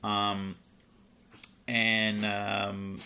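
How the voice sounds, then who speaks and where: A man with a fairly low, bright and forceful voice hosts a loose conversation. He talks in halting stretches, full of pauses and restarts, and then speeds up when he gets going. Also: monotone, a little hiss or hum. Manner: halting, many ums and restarts. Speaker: podcast host. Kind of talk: casual wrestling chat.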